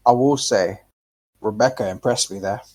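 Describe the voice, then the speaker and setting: A man co-hosting a casual podcast chat, rambling and animated, swearing freely and restarting his sentences often. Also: fairly low pitch, moderate pace. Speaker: podcast co-host.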